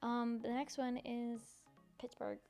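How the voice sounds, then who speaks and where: A woman's voice: fairly high pitch, level tone, slow, darkish tone, soft background music. A young woman hosting a casual solo podcast, gushing and giggling, with many ums and likes. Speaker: podcast host.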